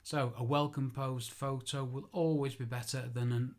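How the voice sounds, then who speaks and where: A man's voice: medium pitch, fairly even intonation, moderate pace, darkish tone. Chatty self-correcting man. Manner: chatty and self-deprecating, corrects himself aloud. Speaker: architectural photographer. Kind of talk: informal spoken tutorial.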